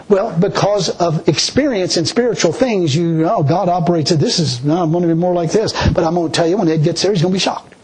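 In a slightly mellow voice with a breathy edge, a man preaches a sermon of personal testimony, conversational and folksy with many restarts. Quoting God, he drops to a low, slow delivery, and the recording is rough.

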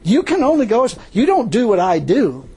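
A man's voice: very high voice, huge pitch swings, moderate pace, dark tone, breathy edge, poor audio. A man preaching a folksy testimony sermon, telling his story casually and chuckling often as he goes. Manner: casual colloquial speech.

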